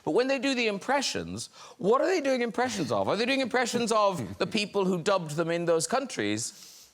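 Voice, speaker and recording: A man's voice: high-pitched, very animated, moderate pace. A man hosting a chat show interview, playful and laughing along with his guests. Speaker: talk show host. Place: TV studio with live audience. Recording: noisy studio with loud audience.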